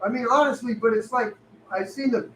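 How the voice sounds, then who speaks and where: A man's voice: extremely high pitch, fairly quick, a bit bright. A man co-hosting a casual talk show, swearing heavily and acting out both sides of his stories. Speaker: podcast co-host. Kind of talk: profane casual chat. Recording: echoey room, far from mic, faint hiss.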